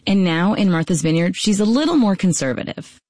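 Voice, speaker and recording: A woman's voice: fairly low pitch, animated, a little fast, darkish tone. A woman radio reporter narrating a scripted feature story.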